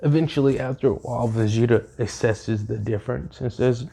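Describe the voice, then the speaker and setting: Young male storyteller, slangy and rambling, dark gravelly voice. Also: medium pitch. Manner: rambling, fast, slangy with fillers. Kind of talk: casual retelling of a fan story.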